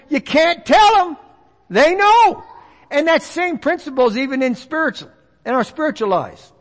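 A man preaching a folksy sermon, acting out the voices of others. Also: extremely high pitch. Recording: long reverb of a large hall.

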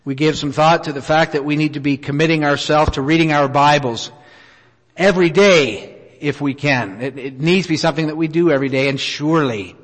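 A middle-aged man preaching a sermon, telling a personal story in an earnest, unhurried way with many pauses. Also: fairly high pitch. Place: church auditorium. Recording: reverberant hall.

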